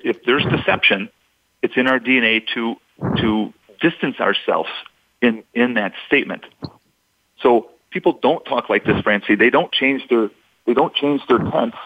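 A man's voice: medium pitch, expressive, normal speed, pauses often, no echo. A man explaining deception cues in an instructive, emphatic manner on a radio talk show. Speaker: deception expert guest. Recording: dull lo-fi radio audio.

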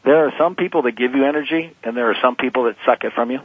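A man's voice: mid-range voice, racing, slightly rough, no echo. A man in his fifties, a motivational speaker, talking emphatically as a guest in a phone-in radio interview. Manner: emphatic, preachy motivational delivery. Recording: tinny phone line.

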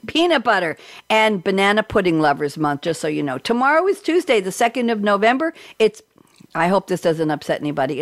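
Talk show host, woman, mid-pitched, playful banter, dry close mic. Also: no room sound. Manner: chatty, jokey, reads lists of holidays.

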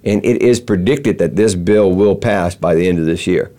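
Guy hosting a chat show, lowish voice, lots of uhs and restarts. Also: mellow. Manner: halting, many fillers and restarts. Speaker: show host. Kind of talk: explanatory chat.

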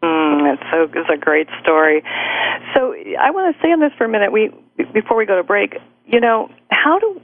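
A woman's voice: on the low side, creaky. A woman hosting a radio interview, attentive and asking follow-up questions. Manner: attentive, brief listening sounds. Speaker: radio host. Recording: tinny phone-like sound.

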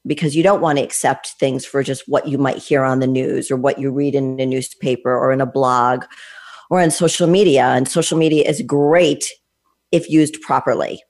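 Very deep, darkish and steady, her voice moves at normal speed as she hosts an interview. The fitness trainer, in her late fifties, speaks in long, winding, reflective sentences and often restarts them.

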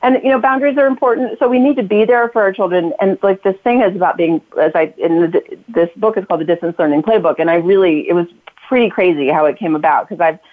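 A woman's voice: on the low side, fast talker. Talkative woman author on a tinny line. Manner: talkative, acts out quoted lines to her kids. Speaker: author and guest. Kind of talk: casual interview talk.

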